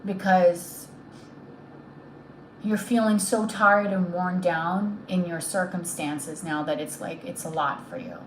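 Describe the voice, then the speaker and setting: A woman with a lowish voice gives a tarot reading, gently reassuring the listener. The sound is roomy, with a faint hum of noise underneath. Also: slow pace. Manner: soothing, reassuring, repeats "okay?". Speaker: tarot reader.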